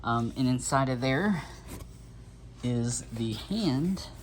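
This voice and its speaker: Guy kinda out of breath unboxing stuff at home, lots of ums and little laughs, medium pitch, faint hiss behind. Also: lively intonation, slow pace. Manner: rambling, filler-heavy, chuckling often. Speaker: vlogger. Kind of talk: casual unboxing chat.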